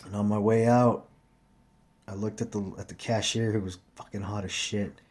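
A tired man with a slightly low voice talks straight to his viewers. He rambles and curses freely as he tells a story from his own life, in a casual and plainspoken way. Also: steady tone, moderate pace, darkish tone. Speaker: vlogger.

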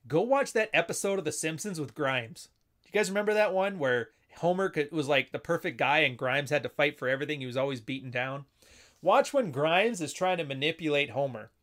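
Man talking casually, fairly high voice. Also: fairly bright tone. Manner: acts out short dialogues in shifting voices. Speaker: commentator explaining assertiveness techniques. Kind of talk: casual spoken commentary.

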